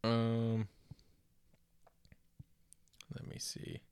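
A man's voice: medium pitch, completely flat delivery, very slow, a little mellow, clean tone. A young Canadian man with a Canadian accent hosting a comedy podcast, rambling through old notes with lots of fillers, restarts and self-deprecating asides. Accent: Canadian English. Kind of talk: casual rambling comedy monologue.

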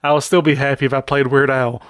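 A man's voice: mid-range voice, flat delivery, fast talker, clean tone, no room sound. A man co-hosting a podcast, bantering in casual chat with dry teasing jokes. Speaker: podcast co-host.

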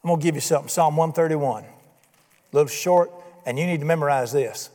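A male pastor preaches quickly from the pulpit in a mellow voice set high for a man. Folksy in manner, he keeps asking rhetorical questions, and the church hall adds a lengthy reverb.

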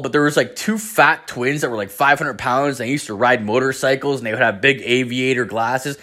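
A man's voice: medium pitch, moderate pace, hardly any pauses, sharp tone. A man telling a casual, rambling comedic story, swearing constantly and leaning on "like". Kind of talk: casual profane storytelling rant.

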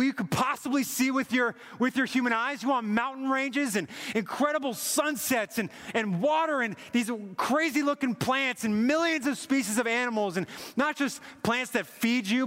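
A man's voice: very high voice, a bit bright, pitched above the performer's own voice. A man voicing God as a loving, eager giver, asking again and again what people want.

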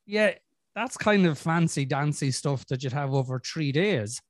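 A man's voice: fairly high pitch, expressive, unhurried, no echo. A man hosting a podcast, telling his own story in a candid, casual way and swearing often. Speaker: podcast host. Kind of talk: casual conversation.

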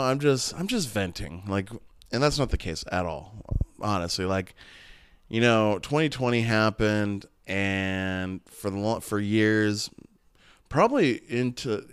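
A man's voice: fairly low pitch, clean tone, no room sound, clean studio sound. A man in his thirties hosting a casual solo podcast, rambling and candid with plenty of swearing. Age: 30s. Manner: rambling, profane and candid, with many restarts and laughs. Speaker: podcast host.

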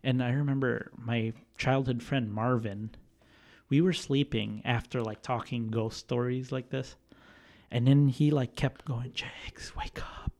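A man's voice: medium pitch, measured pace. A man casually telling stories on a podcast, swearing a lot. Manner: swearing, animated storyteller. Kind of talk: casual chat.

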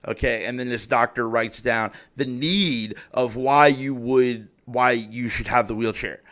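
A man in his thirties rants on his own podcast in a heated, casual way. He swears in nearly every sentence and stumbles through restarts as his frustration builds. His voice sits at an ordinary mid pitch. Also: unhurried, a bit bright. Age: 30s. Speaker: podcast host. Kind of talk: profane casual rant.

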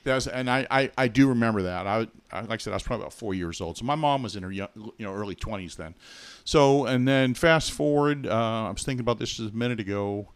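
A man's voice: fairly low pitch, quick pace, clear, resonant tone, no echo. A middle-aged man from Massachusetts, telling his childhood story in a rambling, chatty podcast interview. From Massachusetts, USA. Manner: chatty, rambling, self-correcting with many asides. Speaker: podcast co-host being interviewed.

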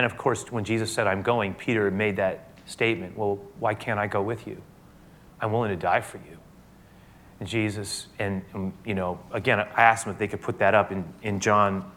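Male pastor, low voice, casual preaching that swells when quoting scripture. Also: fairly bright tone. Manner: conversational, restarts phrases, rises in pitch and volume when quoting scripture. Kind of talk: sermon.

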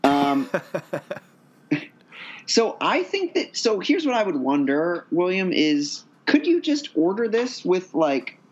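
Easygoing guy chatting, lots of ums, lively voice, kinda muffled mic. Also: high-pitched, slow pace, a little hiss or hum. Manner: hesitant, lots of ums and restarts. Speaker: podcast co-host. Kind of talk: casual chat.

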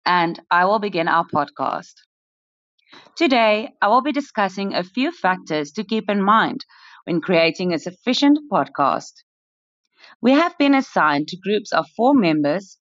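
A woman's voice: mid-range voice, no room sound. A young woman, a student formally opening and reading a prepared class podcast script. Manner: formal, welcoming opener. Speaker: student presenter. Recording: dry, dull lo-fi recording.

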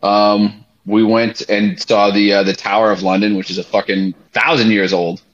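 A young man on a podcast, telling a story in a loose, animated way, swearing freely and using lots of fillers. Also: on the low side, normal speed. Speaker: podcast co-host. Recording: slightly muffled podcast audio.

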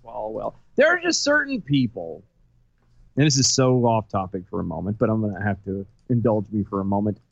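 A man co-hosting a casual political chat, rambling and ranting as he searches for his words. His pitch swings widely. The recording is dull, lo-fi and dry. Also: big pitch swings, a little fast, creaky, no echo, faint music behind. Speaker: co-host.

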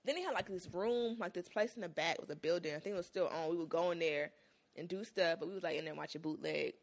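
A woman's voice: lowish voice, fast talker. A young woman from South Miami telling stories in casual chat, acting out the voices of people she quotes. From South Miami, Florida. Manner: animated, acts out quoted voices.

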